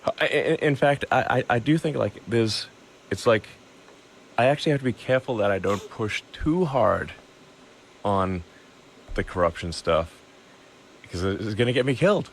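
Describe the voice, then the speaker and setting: A man talking as a podcast guest in a casual interview, halting and full of restarts and fillers. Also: medium pitch, animated, slight background noise. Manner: halting, repeats words, many fillers.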